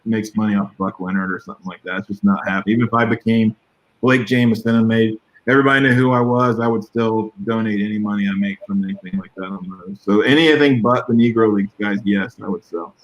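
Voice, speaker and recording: A man's voice: fairly low pitch, fast talker, lo-fi sound. Rambling, story-telling man on a call. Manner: rambling, animated storytelling with chuckles. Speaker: guest artist. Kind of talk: casual conversation.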